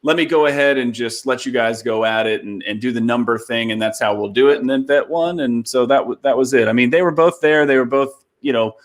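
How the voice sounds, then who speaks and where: A man hosting a casual online talk show, telling stories in a lively, animated way. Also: medium pitch, a little fast, hardly any pauses. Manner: animated storyteller, voice jumps up when excited. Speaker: podcast host. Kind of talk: casual chat.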